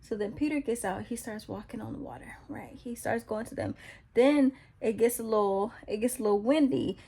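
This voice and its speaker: A woman with a fairly high voice talks through a Bible passage like she is chatting with friends. She is loose and slangy, full of easy asides. It sounds like a relaxed vlog. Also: fairly quick, gravelly, husky. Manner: loose and conversational, retelling scripture in slangy everyday words. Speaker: Christian vlogger sharing a Bible reflection. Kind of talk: casual chatty Bible study.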